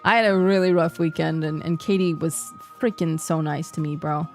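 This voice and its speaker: A woman streamer chats casually in slang. Her talk is animated and jumps from topic to topic. Faint music plays underneath. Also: low-pitched, normal speed. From New Zealand. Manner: chatty, slangy, animated, jumpy. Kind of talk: casual chat.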